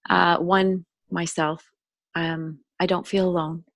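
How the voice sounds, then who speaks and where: A woman sharing a personal story on a video call, speaking haltingly with many pauses and fillers, moved and emotional. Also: fairly low pitch, flat delivery, fairly bright tone, no echo. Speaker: webclass participant.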